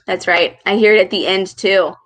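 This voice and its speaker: Reading to young children from a storybook, a woman works on a speech sound with them, her delivery slow, exaggerated and encouraging. Her pitch is medium, her intonation fairly even, and her tone fairly bright.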